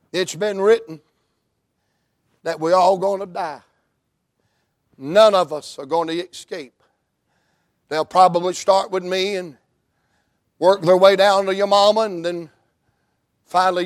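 A man's voice: sits high, dry recording, studio quality. A man acting out a grim father who tells his family they are all going to die, speaking heavily.

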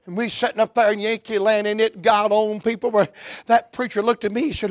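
A man with a Southern US accent preaching a fervent revival sermon in a church, moving from hushed talk to shouts. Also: high voice, level tone, a little fast, no room sound.

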